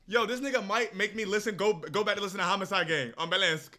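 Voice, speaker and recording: A young man streaming a casual music reaction, excitable and loud, swinging between low mumbles and sudden shouts. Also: a little fast, noisy background.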